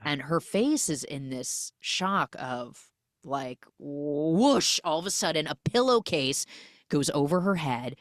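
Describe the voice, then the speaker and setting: A woman podcast host casually recapping a film, retelling it in an animated way with lots of "like" fillers. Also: low voice, slow pace, no echo, clean studio sound.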